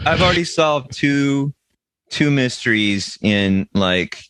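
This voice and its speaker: A man's voice: medium pitch, expressive, takes it slowly, a bit bright, clean tone, no echo. A man co-hosting a comedy podcast, riffing jokes and repeating words as he goes. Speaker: podcast co-host.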